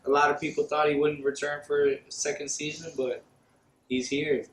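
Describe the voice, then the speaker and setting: A man's voice: a little high, little pitch movement, moderate pace, a bit bright, slight background noise. A young man co-hosting a podcast, chatting loosely and swearing as he rambles. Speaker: podcast co-host. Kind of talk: casual stoned banter. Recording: echoey room.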